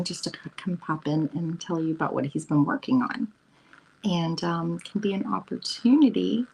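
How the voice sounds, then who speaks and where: A woman's voice: low voice, a little hiss or hum. A middle-aged woman from the United States hosting a casual morning live stream, chatty and rambling, laughing often and reading out viewers' comments.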